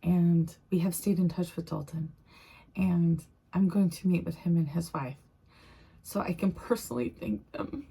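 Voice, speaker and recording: Woman, middle-aged, gravelly and husky, mellow, halting and repetitive, emotional vlog storytelling. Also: fairly low pitch, fairly even intonation. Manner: halting, repeats phrases, tearful at times. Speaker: vlogger.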